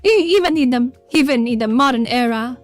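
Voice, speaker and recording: Animated and brisk, a high-voiced woman with a Vietnamese accent chats loosely on her livestream. She wanders from topic to topic and calls out viewers in the chat by name, with faint music audible behind her.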